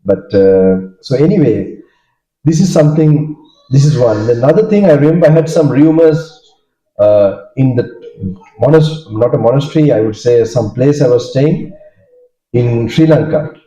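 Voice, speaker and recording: In a dull, echoey recording from a hall with listeners, a monk delivers a casual dharma talk full of stories. His medium-pitched voice is mellow yet animated, and he stumbles along with frequent fillers and false starts.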